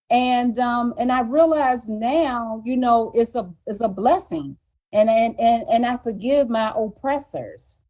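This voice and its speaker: A woman's voice: a little high, lively intonation, measured pace, warm tone. A woman guest on a live talk show, speaking earnestly and emotionally, often repeating words as she restarts her sentences. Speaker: guest telling her story. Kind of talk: candid live-show conversation.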